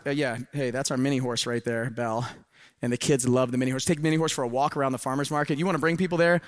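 A middle-aged man giving a live, preachy seminar talk to an audience, swinging between loud urging and hushed asides. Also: a little high, no echo, studio quality. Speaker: motivational speaker. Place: event hall with a live audience.

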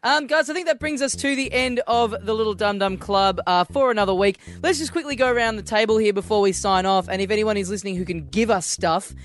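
High-voiced podcast host. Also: male voice, fast, few pauses. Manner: steering, teasing host. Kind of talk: casual chat.

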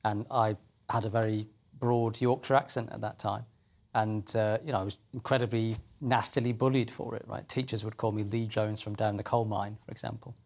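Man, professor, panel guest, measured, fairly low voice. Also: little pitch movement, creaky, darkish tone. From Hull, England. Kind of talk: TV panel discussion.

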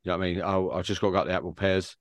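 A man's voice: low voice, level tone, rapid-fire, no echo. A man co-hosting a podcast, telling jokey stories in casual chat. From England. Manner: joking banter, storytelling with quoted voices. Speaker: podcast co-host.

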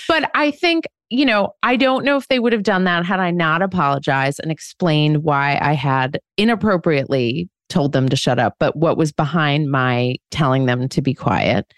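A woman in her forties tells a story on her own podcast with frank, self-mocking humor and easy laughter. Her voice sits on the low side for a woman. The sound is close and dry, with no room around it. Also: normal speed, hardly any pauses, no echo. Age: 40s. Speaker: podcast co-host. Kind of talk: casual chat.

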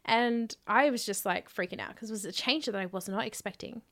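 A woman's voice: a little high, a little fast. Casual, swearing woman co-host. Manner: animated storytelling, swears freely. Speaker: podcast co-host. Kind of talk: casual chat.

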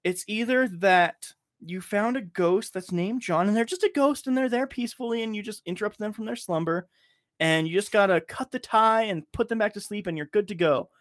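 A man's voice: high-pitched, a little fast, voice pushed up, close to an everyday voice. A man voicing a female spirit medium, a fussy, earnest woman who explains at length. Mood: explaining.

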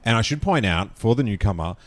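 A man hosting a podcast, chatting casually with dry, deadpan jokes. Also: lowish voice, a little fast, no echo. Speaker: podcast host. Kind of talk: casual comedic chat.

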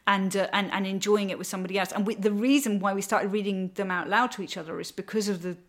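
A woman's voice: mid-range voice, steady tone, fast talker. A woman in her forties chatting casually as a podcast guest, rambling with fillers and restarts and laughing easily. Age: 40s.

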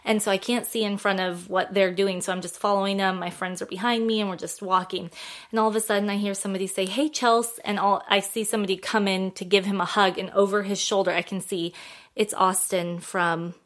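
A woman's voice: medium pitch, little pitch movement, fairly quick, fairly bright tone. A woman hosting a talk show, telling a story casually in a chatty way, full of fillers and little acted-out quotes. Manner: chatty, filler-heavy, acts out quotes in a lifted voice.

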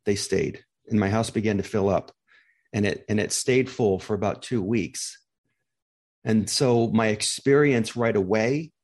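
A middle-aged man hosting a heartfelt interview, talking gently and reflectively with encouragement. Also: lowish voice. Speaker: grief coach host.

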